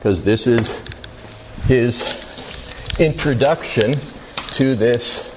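Slow, deliberate male Bible teacher. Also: medium pitch. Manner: slow and deliberate, questions the class. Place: classroom with a board. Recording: reverberant hall, faint background noise.

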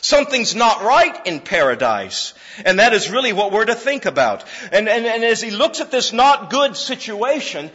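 A man with a high voice gives an earnest expository sermon, circling back over his points and restarting sentences as he goes. The recording is dull and muffled, with a long hall reverb trailing behind him. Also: big pitch swings, normal speed, hardly any pauses, bright, forceful tone, husky. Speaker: pastor.

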